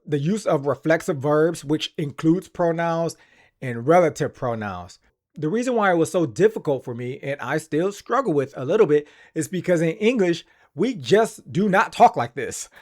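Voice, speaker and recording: A man hosting a language-learning channel, speaking earnestly and enthusiastically in a casual explanatory vlog. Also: a little high.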